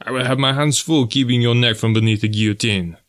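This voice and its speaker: A man voicing an excitable French naval officer who speaks in raised, emphatic exclamations. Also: mid-range voice, a little fast, no room sound, clean studio sound, lightly acted. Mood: urgent.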